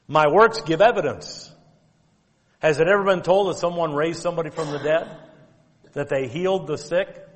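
A man with a fairly high voice preaches a sermon, walking his listeners through numbered points and quoting scripture in old wording. His words ring out with a long reverb, as in a large hall. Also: fairly bright tone. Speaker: pastor.

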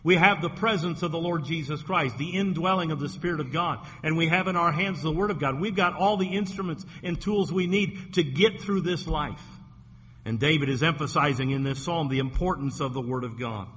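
A man's voice: fairly high pitch, brisk, fairly bright tone. A man preaching a sermon as pastor, earnest and given to repeating his words. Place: church sanctuary. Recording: echoey hall, faint background noise.

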